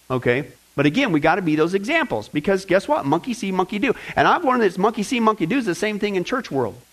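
A male pastor preaching a lively sermon, joking and talking straight to his congregation. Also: sits high, poor audio. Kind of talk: sermon with fill-in-the-blank notes.

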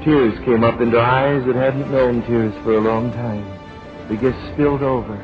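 A man preaching, telling a slow dramatic story that builds to a fervent appeal. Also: medium pitch, steady tone. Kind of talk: sermon illustration storytelling. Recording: dull lo-fi sermon recording with music behind.

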